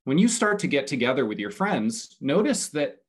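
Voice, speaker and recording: A man's voice: medium pitch, sing-song, normal speed, breathy edge. Enthusiastic male podcast guest explaining ideas. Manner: enthusiastic, explanatory, speaks in building lists. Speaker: podcast guest, community consultant. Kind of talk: casual interview chat.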